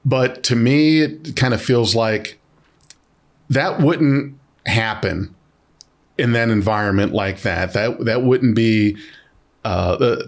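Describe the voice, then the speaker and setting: A man's voice: medium pitch, takes it slowly. A man co-hosting a podcast in casual chat, talking thoughtfully with many hesitations. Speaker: podcast co-host.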